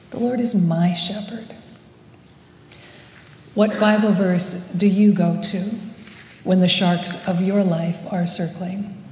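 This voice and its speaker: A woman pastor preaching a sermon, telling a story slowly with gentle humor. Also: medium pitch. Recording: echoey hall with long reverb.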